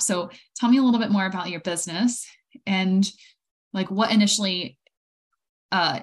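A woman hosting as a life coach, encouraging and upbeat, often saying "like" and "right". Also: mid-range voice. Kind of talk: interview.

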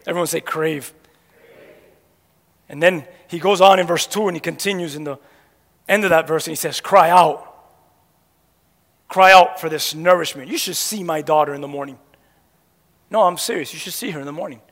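A man's voice: fairly high pitch, fairly quick, pauses often, fairly bright tone. A man preaching a sermon as a pastor, throwing questions at the congregation and waiting for them to answer. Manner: emphatic call-and-response questioning. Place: church sanctuary. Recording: long hall reverb.

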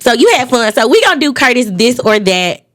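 A woman's voice: a little high, big pitch swings, fairly quick, fairly bright tone, no echo, studio quality. Emotional woman podcast host, casual. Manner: casual, emotional, laughs often. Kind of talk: casual faith podcast chat.

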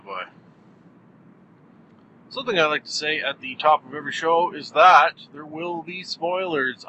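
A man rambles through his own podcast intro in a bright, forceful voice pitched a little high. He is goofy and self-mocking, breaking into loud exclamations. A faint hiss sits behind him. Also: rough recording. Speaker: podcast host. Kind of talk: casual solo podcast monologue.

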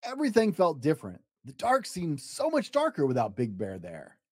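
Expressive dad reading a bedtime story. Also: male voice, dry recording, clean studio sound. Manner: expressive, dramatic pauses, lively pitch. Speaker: storytime podcast host and reader. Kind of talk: bedtime story read-aloud.

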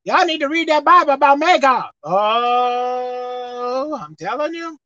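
Male preacher with a high voice, drawn-out scripture reading and sudden shouts, on a dull lo-fi recording. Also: no room sound. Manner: emphatic, repeats lines, reads scripture slowly, bursts into shouting. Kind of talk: fiery sermon.

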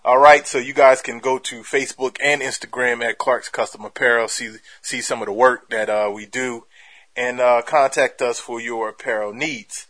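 A man's voice: medium pitch, steady tone, moderate pace, fairly bright tone. A man hosting a comedy podcast, chatty and full of fillers, hyping up his guest. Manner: hype-man delivery, heavy fillers. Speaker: podcast host. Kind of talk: casual podcast chat.

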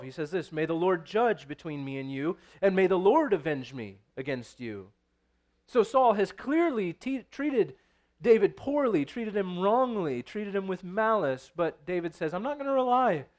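A man's voice: a little high, expressive, moderate pace. A man preaching, reading scripture aloud and then explaining it in a conversational way, often checking in with "right?". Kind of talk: sermon.

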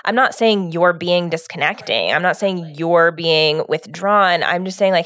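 Female co-host, slightly low voice, thoughtful and chatty, dry studio sound. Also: a little slow, few pauses, fairly bright tone, no echo. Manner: reflective, uses "like" often. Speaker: podcast co-host. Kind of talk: casual relationship advice talk.

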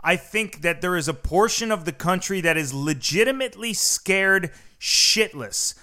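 A man's voice: high-pitched, animated, sharp tone. A man hosting a podcast, ranting in a casual, heated way, swearing often and filling his speech with "like" and "you know.". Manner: profane, heated, fast-talking, lots of fillers. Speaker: podcast host. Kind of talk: casual conversational rant.

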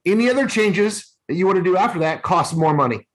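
A man's voice: sits high, expressive, brisk, husky. A man co-hosting a podcast in casual chat, blunt and profane, handing out advice. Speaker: podcast co-host.

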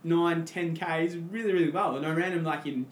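A man's voice: a little high, fairly even intonation, normal speed, reverberant, a little hiss or hum. An Australian man, a podcast guest, telling a story in casual chat and acting out his own past lines.

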